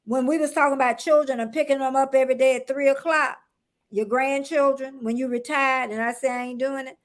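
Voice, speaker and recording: A woman's voice: high-pitched, steady tone, brisk. A woman in her sixties with a Southern US accent, chatting casually and laughing easily as the host of a live stream. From Southern United States. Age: 60s. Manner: drawling, chatty, laughs often. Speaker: show host.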